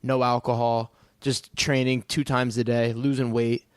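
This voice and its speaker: Young north jersey dude rambling thru a story, dry close mic. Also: male voice, medium pitch, little pitch movement, unhurried, smooth, no echo. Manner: loose, rambling storytelling with restarts. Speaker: guest, professional fighter. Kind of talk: casual podcast chat.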